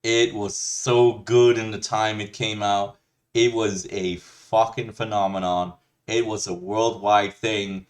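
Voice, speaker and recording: A man's voice: on the low side, flat delivery, slow. A man hosting a reaction video, ranting bluntly with lots of swearing and rambling restarts. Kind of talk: ranting commentary.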